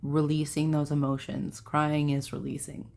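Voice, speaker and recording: A woman's voice: sits low, monotone, moderate pace, creaky, darkish tone. A young adult woman hosting a self-help video, talking casually to camera in a rambling way, with fillers and self-corrections.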